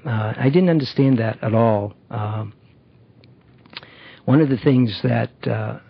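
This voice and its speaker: A middle-aged man giving a halting personal testimony about recovery, full of fillers and restarts. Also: mid-range voice, vocal fry, slightly rough, highs cut off. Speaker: recovery program member.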